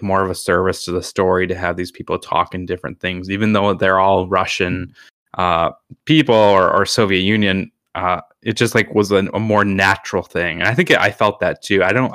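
This deep-voiced man speaks fairly quickly with fairly even intonation and a fairly bright tone, in clean, echo-free studio sound. He's a podcast co-host in casual chat, rambling along with plenty of filler words.

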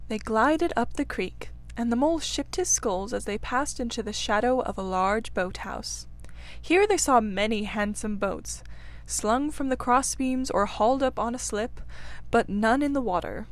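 A woman narrating a classic children's story aloud in a gentle, measured reading voice. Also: on the high side, expressive. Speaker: audiobook reader.

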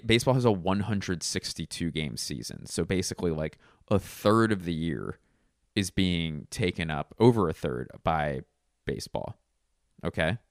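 A man's voice: deep voice, vocal fry, dry recording, studio quality. A man in a casual comedic monologue, swearing freely and rambling as he acts out imagined exchanges. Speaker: comedian and podcast host.

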